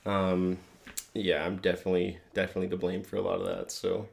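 Low-pitched with vocal fry and a completely flat delivery, a middle-aged man talks briskly as a podcast co-host. He keeps the chat casual and laid-back, laughing as he tells stories.

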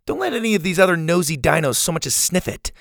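A blunt, confident young girl camper speaks straight to the point, as a male narrator puts her on. The voice is lifted high above his own. The storybook reading sounds close and dry. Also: big pitch swings, quick pace, gravelly, a bit bright, no echo, full character voice. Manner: blunt and direct.

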